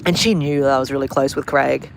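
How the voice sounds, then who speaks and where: A travel vlogger livestreams from a beach at sunset on her phone, telling a story casually and rambling, correcting herself as she goes. Her bass voice is gravelly and steady, and she talks fast over slight background noise.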